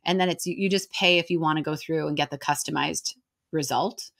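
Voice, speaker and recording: A woman with an American accent, talking casually as a guest in an interview, chatty and quick, with lots of "like" and "right?". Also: deep voice, gravelly, a bit bright. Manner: chatty, fast, heavy on filler "like" and "right?".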